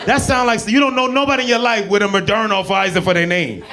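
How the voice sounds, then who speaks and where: A male stand-up comedian doing crowd work, teasing people in the audience and slipping into quick put-on voices. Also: high voice, fairly even intonation. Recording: live club set with loud crowd laughter.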